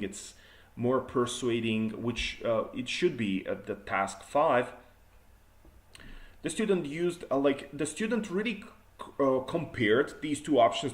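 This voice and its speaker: A male teacher reviews sample exam answers, correcting them and acting out better versions. His voice sits in the middle range. The room gives it a noticeable echo. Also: medium pitch. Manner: corrective, demonstrates better phrasing.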